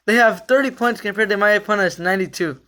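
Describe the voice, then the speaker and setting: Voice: medium pitch, quick pace, sharp tone. Rambling frustrated sports fan ranting. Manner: many fillers and restarts. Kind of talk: casual fan rant.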